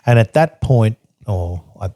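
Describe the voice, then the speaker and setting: An older man from Australia telling a rambling travel story on a podcast, halting and restarting as he reads from his journal. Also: lowish voice, animated, warm tone, no echo, studio quality. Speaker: podcast guest recounting travels. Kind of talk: casual storytelling chat.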